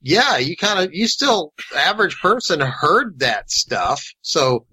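A man's voice: a little high, big pitch swings, slow pace, sharp tone, husky, no room sound, rough recording. A man co-hosting a movie podcast, talking conversationally with fillers and hedges. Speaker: podcast co-host. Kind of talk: casual podcast chat.

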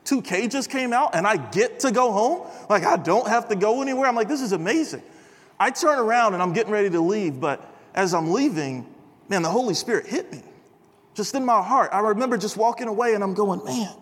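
A young man giving a chatty, animated chapel sermon to a large audience, peppered with bro and dude. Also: high voice, brisk, slightly rough, big-room sound. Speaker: chapel speaker. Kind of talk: casual storytelling sermon.

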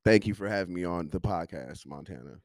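Playful low-voiced man, dry sound. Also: animated, a little fast, dry recording. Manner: playful, slips into joking voices. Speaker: podcast guest, comedian. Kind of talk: casual podcast chat.

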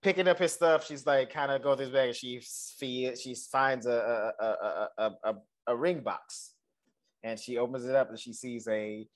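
A man co-hosting a casual TV recap chat, loose and profane, telling the story in an animated way. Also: medium pitch, normal speed. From United States. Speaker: podcast co-host.

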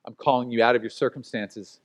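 A man voicing God as a deep, grave, hushed commanding voice during a sermon. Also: fairly even intonation, brisk, no echo, lightly acted. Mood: solemn.

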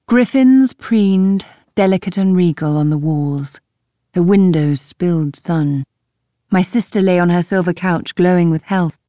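A woman narrating a first-person audiobook in a measured, calm, literary manner. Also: fairly low pitch, dry recording, clean studio sound.

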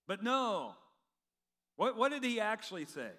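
A man preaching a sermon in an animated, humorous way, acting out quotes from the text. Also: sits high, a little slow. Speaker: pastor. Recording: long hall reverb.

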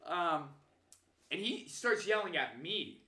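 A young man animatedly telling stories on a casual podcast, laughing often and acting out loud quotes. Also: sits high, sing-song, slow. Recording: echoey room.

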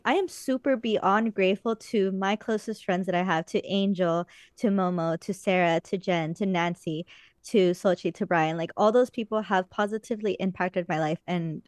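A woman's voice: medium pitch, normal speed, a little mellow, no echo, studio quality. A woman chatting casually as a podcast co-host, rambling earnestly with many fillers. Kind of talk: casual chat.

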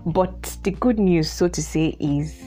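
A woman's voice: fairly low pitch, slow pace, dark tone, soft background music. A young woman from Nigeria with a Nigerian accent, hosting her own podcast in casual solo chat, chatty with frequent "like" fillers. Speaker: podcast host.

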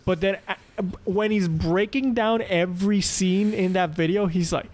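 A man's voice: high voice, moderate pace, few pauses. A young man telling a rambling story in a casual chat, laughing often and restarting his sentences.

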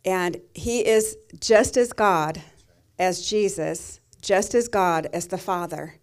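A woman's voice: fairly low pitch, takes it slowly, clear, resonant tone. A middle-aged woman pastor giving a sermon, telling a personal story in a tender, emotional way.

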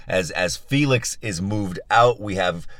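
Pastor guy doing a live bible study on his phone, real deep voice, dry close sound, excited and chatty. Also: unhurried, no echo. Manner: upbeat, enthusiastic, chatty with listeners.

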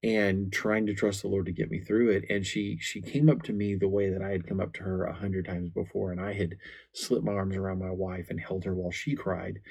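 A man's voice: low-pitched, flat delivery, fairly quick, vocal fry, darkish tone, husky. A man in his forties giving an earnest, candid talk about marriage from faith, telling stories with frequent restarts.

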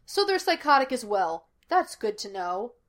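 A woman's voice: fairly high pitch, expressive, fairly quick, natural voice. Woman reading as a nervous, protesting sidekick. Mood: anxious. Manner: anxious, protesting, dry. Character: nervous, skeptical young male sidekick.

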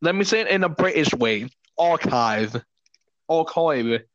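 A man's voice: sits high, expressive, quick pace, a bit bright, no echo. A young man hosting a podcast in casual chat, crude and jokey, swearing a lot. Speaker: podcast host. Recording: dull lo-fi sound, dry.

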